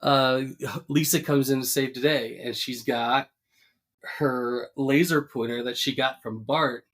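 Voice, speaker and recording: Man, podcast co-host, casual recap chat, chuckling, quotes characters up high. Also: fairly even intonation, measured pace, a bit bright. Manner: laughs often, quotes characters in raised voices.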